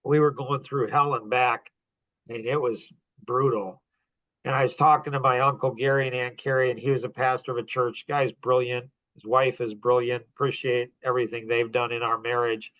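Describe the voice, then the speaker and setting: A man's voice: medium pitch, flat delivery, normal speed, a bit bright, no echo. A middle-aged man hosting a podcast, telling a personal story in an earnest, heartfelt way, often restarting his sentences. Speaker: podcast host.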